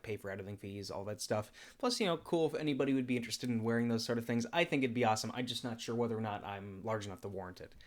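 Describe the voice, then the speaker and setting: A young man hosting a casual livestream Q&A in a relaxed, laid-back way, with lots of filler words. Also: medium pitch. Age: young adult. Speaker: YouTuber and comic dubber.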